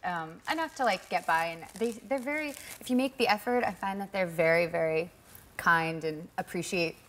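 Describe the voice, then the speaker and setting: An American woman from Long Island, chatting as a talk-show guest in a relaxed, giggly, self-deprecating way. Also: on the low side, moderate pace. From Long Island, USA. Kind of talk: casual chat. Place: TV studio stage.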